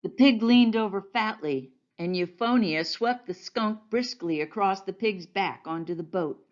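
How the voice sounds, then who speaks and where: A woman pastor reading a children's storybook aloud in a gentle, folksy storytelling manner. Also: mid-range voice, measured pace, highs cut off.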